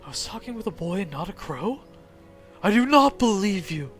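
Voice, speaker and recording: A man's voice: sits high, sing-song, moderate pace, fairly bright tone, faint music behind. A man voicing a rambling, half-mad old male quartermaster in a fantasy game. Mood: bewildered. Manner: rambling, talks to himself.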